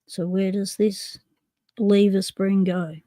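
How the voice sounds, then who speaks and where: Taking things slowly, a woman of ordinary pitch hosts a relaxed live stream, thinking aloud while fiddling with small parts. She's chatty and conversational, reading and answering chat as she goes, in dry, close sound with little room echo.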